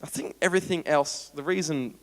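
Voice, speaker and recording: High-voiced Australian pastor preaching. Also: male voice, a little fast. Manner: animated, playful, acts out everyday scenes. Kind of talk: sermon. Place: church auditorium. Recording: long church hall reverb.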